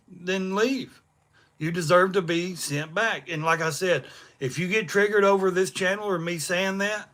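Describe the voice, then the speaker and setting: A man's voice: sits high, bright, forceful tone. A man, ranting bluntly and profanely on a livestream. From East Tennessee, USA. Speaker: livestream host. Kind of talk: unscripted livestream rant.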